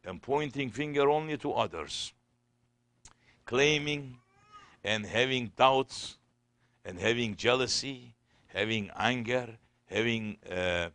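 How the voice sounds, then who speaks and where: A man's voice: mid-range voice, fairly bright tone, no echo. A man preaching a sermon as a sheikh, telling stories in simple non-native English.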